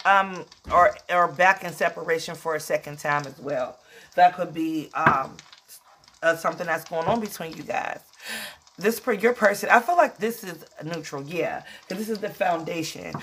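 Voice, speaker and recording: A woman's voice: fairly low pitch, a bit bright, slight background noise. Emotional chatty woman tarot reader. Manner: chatty, emotional, calls listeners "child". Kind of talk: casual tarot reading.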